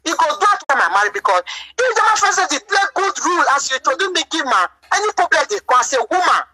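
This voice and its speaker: A woman's voice: high-pitched, big pitch swings, fast talker, sharp tone, low-quality recording. A woman speaking Nigerian Pidgin English, telling an aggrieved personal story in a vlog monologue, full of repetitions. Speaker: vlogger.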